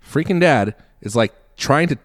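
A man's voice: mid-range voice, animated, measured pace, no echo. A man co-hosting a podcast, telling a story in casual chat and laughing often as he talks. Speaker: podcast co-host.

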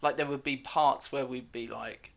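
A man's voice: medium pitch, fairly even intonation, moderate pace, creaky, a bit bright. A young man co-hosting a podcast in casual chat, joking and goofy. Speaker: podcast co-host.

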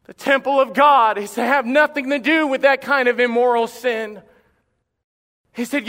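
Male pastor mid-sermon, bright and forceful delivery, dramatic pauses, reverberant sanctuary. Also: extremely high pitch. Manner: impassioned, emphatic preaching with dramatic pauses. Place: church sanctuary. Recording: long reverb of a church hall.

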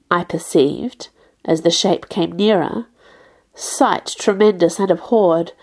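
A woman narrating a classic novel in the first person, in a measured, expressive reading. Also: mid-range voice. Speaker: audiobook narrator. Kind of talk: scripted literary narration.

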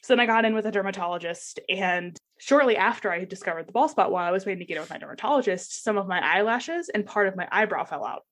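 Animated young woman telling a story. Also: mid-range voice, fast talker, hardly any pauses. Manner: animated, laughs often, acts out quoted voices. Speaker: guest sharing personal story. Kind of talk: casual conversational storytelling.

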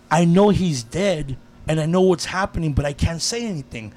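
A man in casual chat, telling a personal story with lively energy and frequent swearing. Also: a little high, normal speed. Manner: animated storyteller, swears freely.

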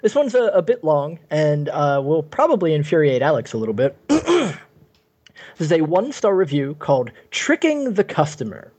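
A man's voice: on the high side, big pitch swings, moderate pace, darkish tone, husky. A man on a comedy panel podcast, reading reviews aloud in a dry, mock-formal way. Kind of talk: casual comedic panel chat.

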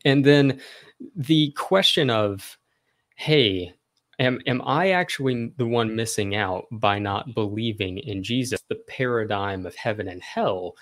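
Earnest young man with a low voice. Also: a little slow. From American South. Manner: friendly and earnest, explaining at length. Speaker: podcast guest. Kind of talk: casual interview chat.

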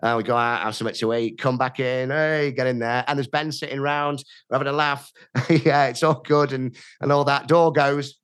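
A man's voice: medium pitch, moderate pace, smooth, no echo. A middle-aged man, a radio DJ and podcast guest, telling anecdotes and acting out other people's lines with bursts of laughter. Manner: animated, acts out quoted dialogue with laughs. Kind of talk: anecdotal storytelling.

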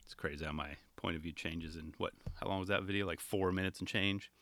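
A man giving a jokey, rambling reaction commentary on a skateboarding video. He jumps from loud asides to quiet mumbles. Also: deep voice, a little fast, no echo. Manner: animated, jokey, trails off into mumbles.

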